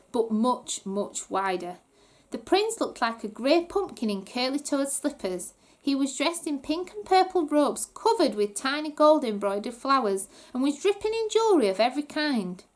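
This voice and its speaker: Animated high-voiced woman reading a story. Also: normal speed. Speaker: reader. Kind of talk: children's book read-aloud.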